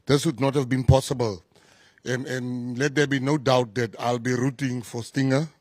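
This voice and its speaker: A man's voice: medium pitch, fairly even intonation, moderate pace, a little mellow, no echo, clean studio sound. A South African man, a government minister, giving an effusive, emphatic press conference speech full of repeated phrases.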